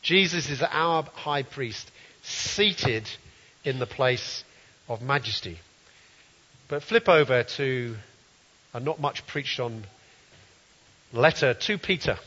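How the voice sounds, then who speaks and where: Bright-voiced male preacher in a hall. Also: medium pitch, animated, takes it slowly, pauses often. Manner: earnest, reads scripture aloud and comments. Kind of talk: sermon. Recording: dull, roomy hall sound.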